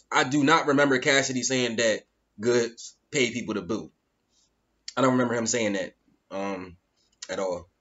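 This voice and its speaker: A man's voice: mid-range voice, a bit bright, dull audio. Incredulous man ranting in slang. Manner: incredulous, mocking, repeats phrases, slangy. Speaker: YouTube commentator. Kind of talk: casual commentary rant.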